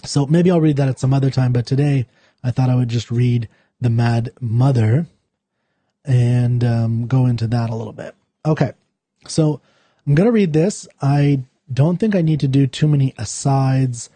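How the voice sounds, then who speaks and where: A man hosting a poetry show, talking loosely with many fillers and restarts, then reading a poem aloud slowly. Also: mid-range voice, mellow, dry recording. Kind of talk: casual talk then slow poetry reading.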